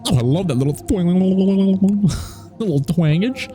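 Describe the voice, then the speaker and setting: A man's voice: sits high, lively intonation, slow pace, mellow, soft background music. A man hosting a let's play, chatting playfully and reacting aloud to the game. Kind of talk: casual gameplay commentary.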